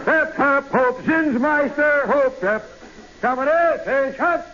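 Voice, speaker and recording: A man's voice: very high-pitched, sharp tone, faint music behind, voice pushed up, full character voice. A man barking as a short, angry army sergeant. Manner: barks names in a rapid mumbled chant. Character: short angry male army first sergeant calling roll. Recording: muffled old radio broadcast with faint hiss.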